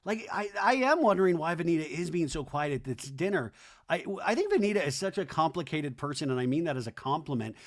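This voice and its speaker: Podcast host, man, gossipy recap, slightly high voice. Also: big pitch swings. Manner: gossipy, joking, quick asides. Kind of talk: reality-show recap commentary.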